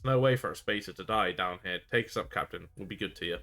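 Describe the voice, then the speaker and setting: Soft music plays behind a man performing game dialogue as a marooned space pirate, shifty and boastful, with a gruff, wheedling, folksy delivery. His deep voice comes out fast, pushed and bright, and his mood is aggrieved.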